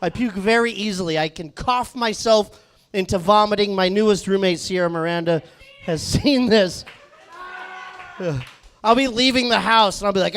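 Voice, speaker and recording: A man's voice: high voice, normal speed, a bit bright, clear, resonant tone. A man doing a rowdy stand-up comedy set in a comedy club, baiting the crowd and swearing.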